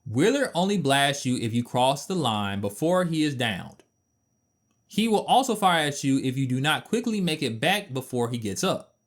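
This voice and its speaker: A man narrating a scripted game review voice-over, animated and playful, with mock-outraged asides. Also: mid-range voice, moderate pace.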